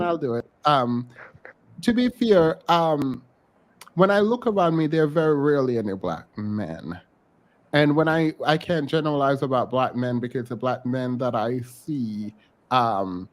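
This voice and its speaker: A man on a casual panel podcast, speaking hesitantly with many fillers. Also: mid-range voice.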